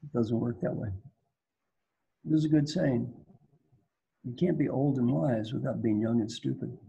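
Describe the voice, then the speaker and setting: Older male guest speaker from Kentucky, gravelly and raspy, dark tone, playful folksy delivery, video call. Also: mid-range voice, moderate pace, highs cut off. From Kentucky, United States. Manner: playful, teasing, repeats phrases for effect. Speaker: guest speaker, executive coach. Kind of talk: folksy storytelling talk.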